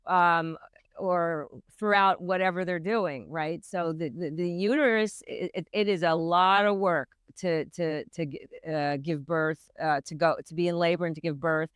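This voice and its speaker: A woman's voice: fairly low pitch, fairly even intonation, moderate pace, clean tone, no room sound, studio quality. A woman from Philadelphia, a nurse midwife guest, explaining in a casual interview with many fillers and restarts.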